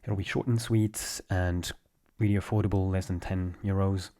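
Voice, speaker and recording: A man's voice: sits low, steady tone, normal speed, dark tone. A man with a French accent, a native French speaker, giving a casual pronunciation lesson and patiently repeating examples step by step. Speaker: French teacher.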